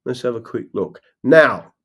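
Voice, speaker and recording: A man with a London accent chats loosely to his livestream viewers at a middling pitch. He wanders from one thought to the next, swears freely, laughs often and reads out comments from the chat. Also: expressive, unhurried, husky. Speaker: livestream host. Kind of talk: casual live-stream chat.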